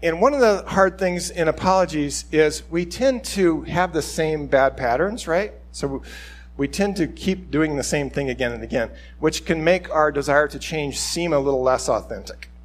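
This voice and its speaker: A man's voice: fairly high pitch, normal speed. A middle-aged man, a pastor, giving an informal, conversational sermon and acting out quoted speech along the way.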